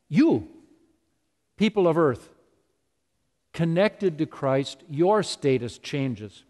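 A man's voice: fairly high pitch, darkish tone. A man preaching a sermon as pastor, emphatic and repetitive. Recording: long reverb of a large hall.

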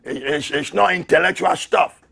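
A high-pitched man preaches a fiery sermon. His voice is gravelly and husky. He shouts, repeats his phrases and laughs in between. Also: moderate pace. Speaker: apostle preaching.

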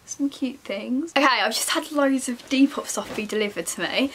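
A woman's voice: on the high side, normal speed, fairly bright tone, breathy edge. A young woman, chatting casually to herself and her viewers while browsing online shops, self-mocking and talkative. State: chilly, wrapped in a jacket. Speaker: vlogger. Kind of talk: casual shopping vlog chat.

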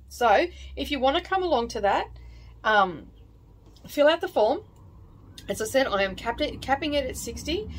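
Woman vlog host, middle-aged, casual rambling chat with lots of fillers, medium pitch. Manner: rambling, chatty, many fillers and asides.

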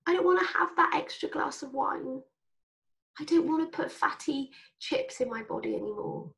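A woman voicing a small, gentle inner voice of reason, high and soft, calm and encouraging. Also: normal speed, gravelly, far from the mic, heavily acted.

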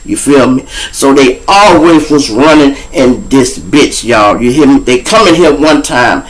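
A man with a Chicago accent tells rambling street stories on his own show. He is casual and profane, and his voice jumps high whenever he plays other people in the story. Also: lively intonation, a little slow, rough recording. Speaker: host telling street stories.

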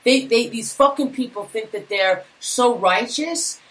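A woman's voice: fairly high pitch, unhurried, fairly bright tone, poor audio. A woman co-hosting a live talk show beside her husband, venting bluntly and indignantly. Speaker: co-host, host's wife. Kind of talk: casual live talk radio.

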